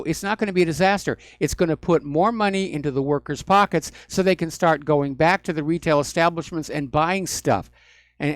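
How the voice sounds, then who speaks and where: Calm male radio host, somewhat high voice, measured delivery, dry sound. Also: no echo. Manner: measured, calming. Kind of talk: talk radio discussion.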